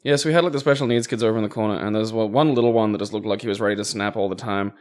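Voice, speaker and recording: A man's voice: fairly low pitch, fairly even intonation, very fast. A man co-hosting a casual game commentary, often laughing and swearing as he banters and tells anecdotes. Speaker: co-host playing the game.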